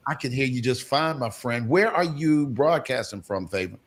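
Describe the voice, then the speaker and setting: A man's voice: mid-range voice, lively intonation, normal speed. A man hosting a casual morning show over a video call, bantering and teasing in a folksy, playful way. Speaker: host.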